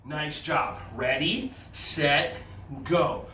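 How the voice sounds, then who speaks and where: A high-pitched man runs a kids' karate lesson in a playful, bouncy way, now and then letting out a loud shouted cry. His voice rings in an echoey room, picked up from a distance over faint background noise. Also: normal speed. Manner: playful, animated, bursts into shouted kiai. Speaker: children's karate and yoga teacher.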